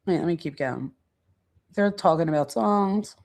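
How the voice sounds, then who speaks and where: Gravelly-voiced woman reading transcript quotes. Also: lowish voice, darkish tone. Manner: reads quotes aloud, pausing to search her notes. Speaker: true crime channel host. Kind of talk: casual reading and commentary.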